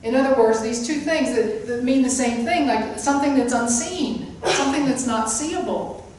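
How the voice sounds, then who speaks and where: A woman with a slightly high, slightly mellow voice gives an emphatic, sermon-style spiritual talk at normal speed, repeating her key phrases. As a spiritual teacher in the hall of a spiritual center, she's recorded from a distant mic in an echoey room with slight background noise.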